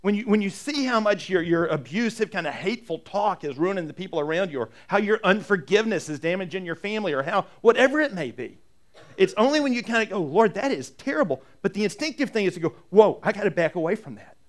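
Pastor, male, slightly high voice, talky sermon delivery with restarts and rhetorical questions. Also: expressive, fast. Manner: conversational preaching with repetitions and rhetorical questions.

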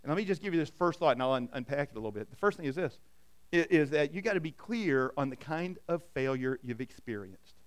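A pastor preaching a sermon, animated and conversational, acting out Bible characters in casual voices. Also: male voice, a little high, quick pace.

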